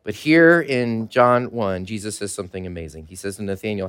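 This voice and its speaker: A man, a pastor, preaching a sermon to his congregation in a relaxed, conversational way with light laughter. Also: lowish voice, fairly quick, hardly any pauses, clean tone. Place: church service held in a mall.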